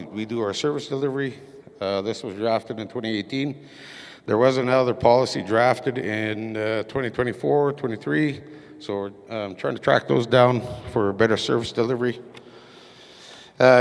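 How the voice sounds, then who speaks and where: A man giving a council portfolio report at a community meeting, halting with many fillers and reading from his notes. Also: on the low side. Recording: echoey meeting hall reverb.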